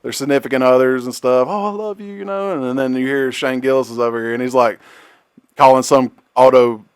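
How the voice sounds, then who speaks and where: A podcast co-host in casual chat, who gets animated and laughs as he retells a funny bit. His voice sits in an ordinary middle range. The mic is close and dry, with no room sound. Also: mid-range voice, a little fast, clear, resonant tone, no echo. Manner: animated storyteller, laughs while retelling a comedy skit.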